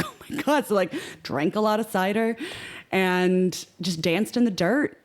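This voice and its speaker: A woman in her forties from the United States with an American accent, a podcast guest telling stories in a lively way and acting out her friends' voices. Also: mid-range voice. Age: 40s. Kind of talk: casual storytelling.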